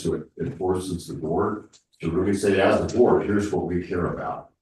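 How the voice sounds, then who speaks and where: Congested low-voiced man, echoey room. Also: normal speed, a little mellow, a little hiss or hum. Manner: rambling, full of restarts. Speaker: board member leading a town meeting. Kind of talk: public meeting discussion. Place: town meeting room. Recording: echoey room, mic far off.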